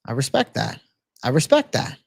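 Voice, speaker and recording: A man's voice: medium pitch, huge pitch swings, moderate pace, vocal fry, husky, no echo, clean studio sound. A man hosting a live betting-picks stream, rambling and swearing freely, prone to angry rants. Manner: profane, rambling, flares into ranting. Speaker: livestream host.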